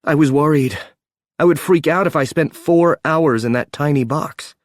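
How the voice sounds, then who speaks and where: A chatty young woman friend, fretful and animated, pitched high and pushed a little louder, as a male narrator voices her. The recording is dry and close. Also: normal speed, dry recording, close to an everyday voice. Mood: worried.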